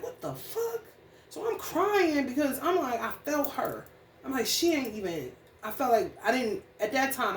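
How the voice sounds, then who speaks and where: Woman astrology reader, blunt and profane, fairly high voice, mic set back in an echoey room. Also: fairly bright tone. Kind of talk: casual spiritual reading and rant. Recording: echoey room, distant mic, faint noise.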